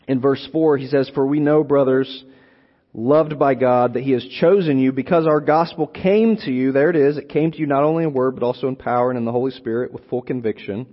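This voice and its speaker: A man preaching an expository sermon, teaching slowly and deliberately, lingering on single words and repeating phrases for emphasis. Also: medium pitch. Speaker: preacher teaching on a Bible letter. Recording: long hall reverb, dull lo-fi sound.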